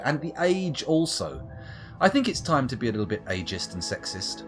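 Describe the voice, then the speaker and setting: Playful man, lively voice. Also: medium pitch, moderate pace, over music. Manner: playful, jokey, muttering asides. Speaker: game streamer. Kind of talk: live gameplay commentary.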